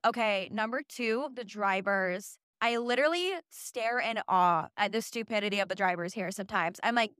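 Young woman vlogger, sarcastic chatty delivery, clear and slightly high, dry room. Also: normal speed, hardly any pauses, a bit bright, no room sound. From Utah. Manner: chatty, sarcastic, heavy use of "like" and swearing. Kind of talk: casual chat.

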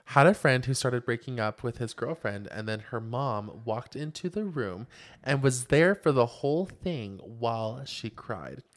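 A woman's voice: a bass voice, lively intonation, unhurried. A woman co-hosting a podcast in casual chat, joking and reading listener stories aloud. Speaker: podcast co-host.

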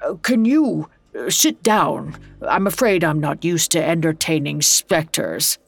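A woman's voice: deep voice, lively intonation, unhurried, gravelly, slightly rough, exaggerated voice. A woman voicing a miserly old businessman who scoffs at the supernatural and defends his business ways. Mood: scoffing.

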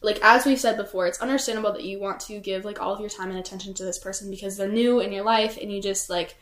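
A teenage girl chats casually as a podcast co-host, her mid-pitched voice ringing in an echoey room. She leans on "like" and "um" as she talks. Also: steady tone, fast talker. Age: teens. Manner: chatty, heavy use of "like" and "um". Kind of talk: casual chat.

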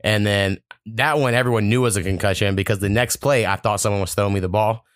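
A man's voice: lowish voice, steady tone, fast talker, smooth, dry recording, studio quality. A young man, hosting a casual podcast and telling long, profane, rambling stories. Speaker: podcast host.

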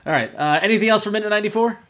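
Man, podcast host, higher-pitched voice, casual chatty delivery, laughs easily. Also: rapid-fire, a bit bright. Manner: chatty, laughs easily, repeats movie lines.

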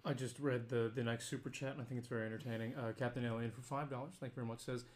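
A man's voice: mid-range voice, fairly even intonation, very fast. A young man co-hosting a livestream, casually reading out viewer messages with a few fillers. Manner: reads viewer messages aloud, easygoing, fillers. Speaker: podcast co-host reading donations.

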